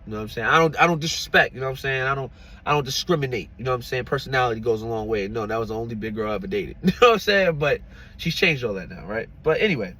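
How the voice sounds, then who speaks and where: Man, mid-pitched, casual storytime, chatty and laughing, lots of "you know what I'm saying". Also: expressive, racing, pushed and bright.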